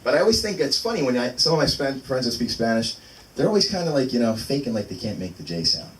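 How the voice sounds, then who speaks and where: This open mic stand-up comic in his thirties speaks fast in a mid-range voice with big pitch swings. Performing in a small venue, he rambles and interrupts himself with fillers, and the distant mic picks up loud room noise.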